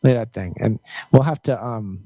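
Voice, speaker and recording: A man's voice: lowish voice, normal speed, warm tone, dry recording, lo-fi sound. A man co-hosting a casual live-stream podcast, chatting loosely and rambling with lots of fillers. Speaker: podcast co-host.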